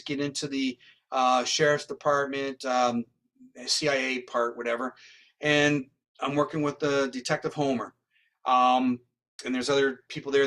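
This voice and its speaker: A man from Canada, a guest in an interview, telling a long story in a rambling, animated way and acting out what others said. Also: mid-range voice. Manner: rambling, acts out quoted dialogue.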